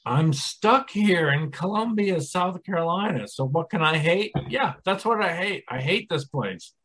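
A man cracks crude, teasing jokes as a podcast host. His voice is bright and sharp, sitting fairly high and swinging widely in pitch. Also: animated, measured pace, husky. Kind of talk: casual comedic banter.

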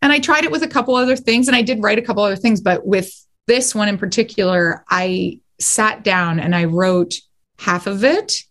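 A woman, a guest actor and writer, telling stories in a casual podcast interview in animated, quick bursts. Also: medium pitch.

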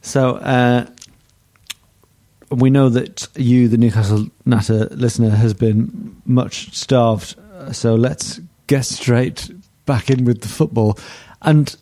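Man, podcast host, mellow voice, dry close sound, teasing banter. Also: mid-range voice, steady tone, slow, dry recording. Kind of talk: casual football podcast chat.

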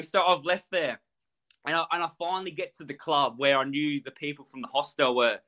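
Casting: male guest storyteller, slightly high voice, animated, swears freely, laughs mid-story. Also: fairly quick. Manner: animated, swears a lot, laughs while telling. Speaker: guest telling a travel story. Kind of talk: casual storytelling.

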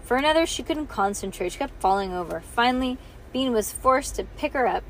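Female read-aloud narrator, lively with small stumbles, higher voice, faint background hiss. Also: a little fast. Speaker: storyteller. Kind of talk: reading a children's book aloud.

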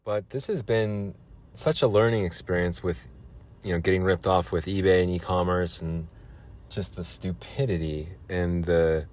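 A man's voice: sits low, fairly even intonation, moderate pace, a little mellow. A man hosting a solo podcast, ranting sarcastically in a rambling monologue. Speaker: podcast host.

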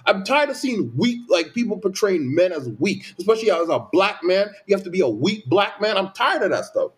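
A man whose voice sits high and moves a little quickly is sounding off in a relaxed conversation. He repeats himself often, and his grievances are lively and emphatic.

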